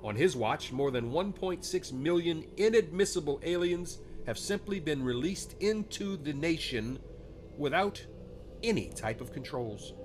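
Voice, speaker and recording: A hoarse man with a nasal voice delivers political commentary on his podcast, emphatic and indignant. His pitch rises and falls widely as he presses each point. Music plays clearly underneath. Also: animated, a little slow. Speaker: podcast host. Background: background music.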